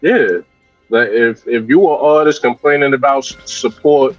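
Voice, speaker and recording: A man's voice: medium pitch, steady tone, moderate pace, no room sound, faint music behind. A man, a hip hop and R&B artist, talking candidly and reflectively as a guest in a casual interview, often restarting his sentences. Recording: dull lo-fi dry sound.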